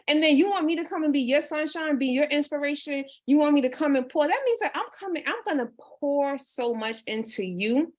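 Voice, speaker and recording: With a high, very animated voice and a brisk pace, a woman in her thirties hosts a book discussion as a life coach, reading out livestream viewers' comments. She comes across earnest and personal, restarting repeatedly and leaning on "you know."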